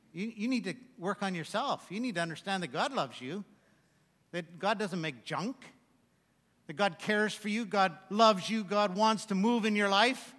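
A man delivers a sermon from the pulpit in a high, bright voice. He breaks up his scripture readings with joking, self-mocking asides. The sound carries a long reverb from the hall. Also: normal speed. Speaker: preacher.

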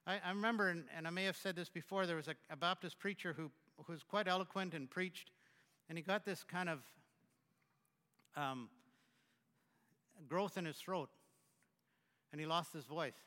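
A man with a high, bright voice delivers a sermon as the pastor. He speaks in a conversational way with frequent restarts, rising loud and then dropping to a hush. His voice carries through a hall with a long reverb. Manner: conversational, halting restarts, swings from loud to hushed.

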